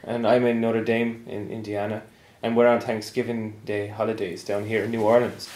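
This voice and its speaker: A young man with a Munster Irish accent explains things in a casual, patient way, often restarting a phrase partway through. His voice sits low. The room around him is echoey. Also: flat delivery, normal speed, darkish tone. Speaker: guest.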